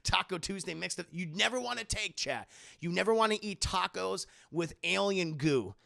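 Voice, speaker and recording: A young man with a high, gravelly voice rattles through a film recap in a loose, profane way. His tone is bright and forward, and he keeps slipping into silly voices for the characters. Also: normal speed. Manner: animated retelling, acting out characters in silly voices. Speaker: host reviewing a film with live chat.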